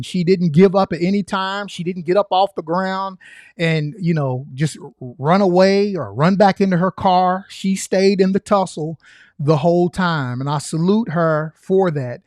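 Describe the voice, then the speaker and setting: A man talks through footage as a former state trooper, earnest and emphatic, repeating his key points. His voice sits a little high. The sound is dry and close, with no room around it. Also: a little slow, darkish tone, no echo. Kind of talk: reaction commentary.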